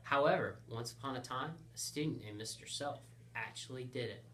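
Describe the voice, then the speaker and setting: A man doing a deadpan schoolteacher. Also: medium pitch, slight background noise, close to an everyday voice. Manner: deadpan and measured. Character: dry, matter-of-fact schoolteacher.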